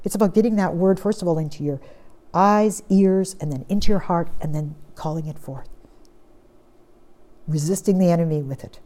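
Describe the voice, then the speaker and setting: A woman preaching a sermon, reading scripture aloud and pressing points with strong stress that drops to quiet, steady lines. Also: on the low side, normal speed, pauses often. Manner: emphatic, swings from loud stress to quiet.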